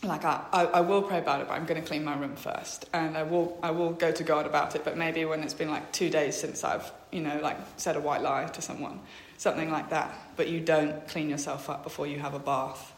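A woman's voice: low voice, fairly even intonation, fairly quick, few pauses. A woman in her twenties gives a personal faith testimony. She speaks hesitantly with many filler sounds and reads Bible verses aloud. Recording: echoey room.

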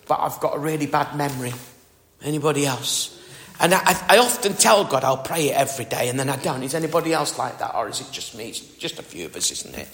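A man's voice: on the high side, a bit bright. A middle-aged man with a northern English accent preaching a sermon in a chatty, self-deprecating way, often asking the congregation questions. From northern England. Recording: echoey hall with long reverb.

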